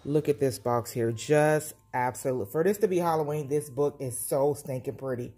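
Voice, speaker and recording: A woman's voice: very deep voice, normal speed, dark tone, slightly rough, faint music behind. A woman gushing through a casual sticker book review for her planner channel at home. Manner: gushing, enthusiastic, repeats praise. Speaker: planner vlogger.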